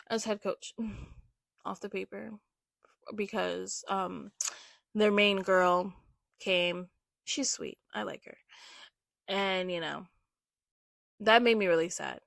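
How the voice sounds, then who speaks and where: A young adult woman casually telling stories in an animated, emphatic way, with lots of "like". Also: mid-range voice, vocal fry, no echo, clean studio sound. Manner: animated, emphatic, heavy use of "like". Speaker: vlogger. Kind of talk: casual storytelling.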